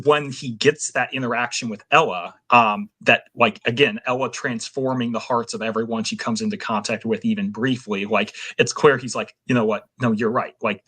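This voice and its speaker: A man's voice: mid-range voice, sharp tone, slightly rough. A man co-hosting a podcast, talking about a film in an earnest, emotional way with plenty of fillers. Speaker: podcast co-host. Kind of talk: casual film discussion.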